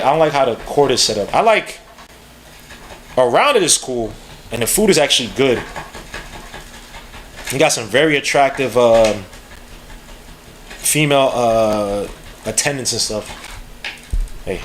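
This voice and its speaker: A man hosting a podcast and giving live, rambling, slang-heavy draft commentary. He is excitable and jumps quickly from one thought to the next. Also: medium pitch, slight background noise. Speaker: podcast host.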